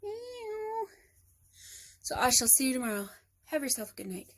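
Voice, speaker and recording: A woman's voice: on the high side, fast, fairly bright tone. A woman vlogging at home, chatting casually and rambling aloud to herself as she goes about her day. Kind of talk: casual chat. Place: at home indoors.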